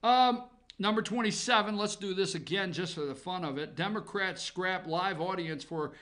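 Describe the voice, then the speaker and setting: A man's voice: high voice, normal speed, fairly bright tone. A man hosting a comic headline countdown from an office, sarcastic, rambling and profane. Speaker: comedy news host.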